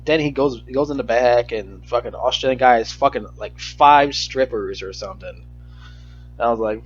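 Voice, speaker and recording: A man rambles through a frustrated, profanity-laden movie rant at a middling pitch. The audio is slightly dull and lo-fi, with faint music playing underneath. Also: normal speed, breathy edge. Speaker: movie reviewer. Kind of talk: casual rant review.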